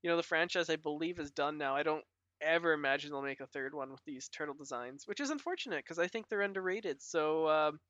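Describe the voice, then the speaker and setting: A man's voice: a little high, lively intonation, brisk, a bit bright, no echo, dull audio. A man co-hosting a podcast in casual chat, talking in a loose, chatty way with many "like" fillers and frequent laughs. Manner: chatty, heavy use of "like" fillers, laughs often. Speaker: podcast co-host.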